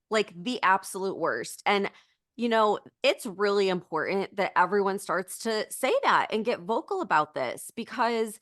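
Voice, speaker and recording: A woman's voice: fairly low pitch, fairly bright tone, no room sound, studio quality. A woman co-hosting a political podcast, talking in an indignant, urgent way, full of "like" and "you know". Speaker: podcast co-host.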